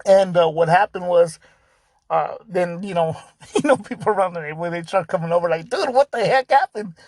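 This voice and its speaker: A man with a notably high voice hosts his own podcast and tells a story in a relaxed, chatty way. His speech is loose, full of "dude" and "like", with laughs breaking in often. The sound is dry and close, with no room echo. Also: brisk. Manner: laid-back, peppered with "dude" and "like", laughs often. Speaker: podcast host. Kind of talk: casual storytelling.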